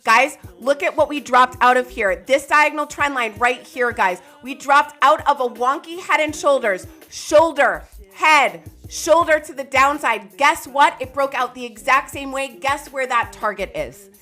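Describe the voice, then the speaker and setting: High, bright, excitable woman streamer. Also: moderate pace, few pauses, soft background music. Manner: excitable, loud, talks to viewers by name. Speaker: crypto market streamer. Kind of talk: live chart analysis stream.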